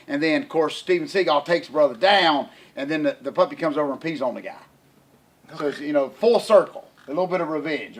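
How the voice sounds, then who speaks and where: A man's voice: a little high, a bit bright. A middle-aged man, rambling through a casual podcast chat with lots of fillers and restarts. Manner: rambling Southern storyteller, many fillers and restarts. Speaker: podcast co-host, veteran wrestler.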